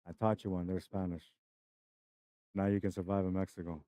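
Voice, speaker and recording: A man's voice: deep voice, level tone, brisk, mellow, clear, resonant tone, no room sound. A young man giving casual live-stream commentary on a pool match, chatty and laughing as he greets viewers by name. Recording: dry, slightly dull stream audio.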